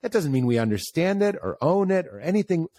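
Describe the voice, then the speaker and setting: Animated man with a dry sound. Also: fairly quick, no echo. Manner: animated storytelling, jumps up in pitch for emphasis, acts out quoted voices. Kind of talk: casual conversation.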